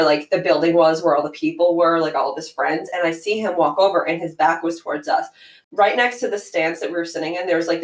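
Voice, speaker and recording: A young adult woman hosting a podcast alone, telling a story in casual chat full of "like" and fillers. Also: lowish voice. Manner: chatty, filler-heavy with frequent "like". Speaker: podcast host. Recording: echoey room.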